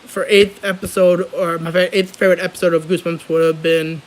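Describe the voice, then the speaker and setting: High-voiced young man rambling excitedly. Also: fairly quick, low-quality recording. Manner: rambling, excitable, frequent restarts. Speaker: vlogger. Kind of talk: casual chat.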